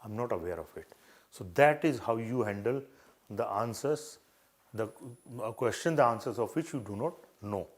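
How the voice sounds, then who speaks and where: A man's voice: on the low side, lively intonation, moderate pace. An older man with an Indian English accent, giving earnest, repetitive advice as an interview coach and acting out short exchanges. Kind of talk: live advice session.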